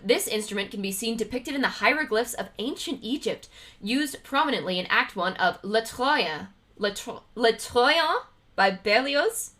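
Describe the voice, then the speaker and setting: Lively, bright-voiced woman streamer. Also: medium pitch. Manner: thinks aloud, laughs often, greets viewers. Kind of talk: casual livestream chat, reading trivia questions aloud.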